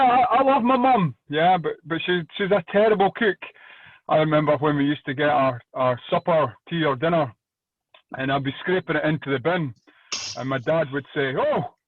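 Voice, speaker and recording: Man, Scottish accent, stand-up comedy, energetic, swearing, slightly high voice, tinny dry video-call sound. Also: normal speed. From Scotland. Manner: loud, energetic, crude swearing.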